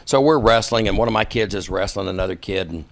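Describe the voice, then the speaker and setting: Gravelly storyteller man. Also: lowish voice, fast talker. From Texas. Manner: lively raconteur acting out quoted people. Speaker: podcast guest. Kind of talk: casual storytelling.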